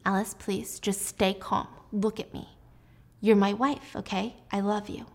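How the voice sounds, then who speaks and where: A woman's voice: medium pitch, level tone, measured pace, a little mellow. A woman voicing a controlling husband who keeps coaxing and reassuring his wife. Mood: soothing. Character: controlling husband, soothing and insistent.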